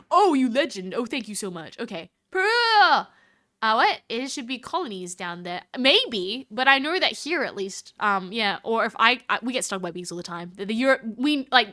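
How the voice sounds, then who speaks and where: A woman's voice: a little high, pushed and bright. A woman chatting casually on a live stream, reading chat aloud and thanking viewers in a bubbly, scattered way.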